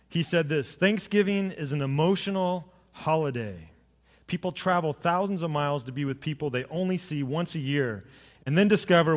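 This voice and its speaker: A middle-aged man, a pastor, giving a sermon with jokes and storytelling that rise to lively emphasis. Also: medium pitch, long reverb tail.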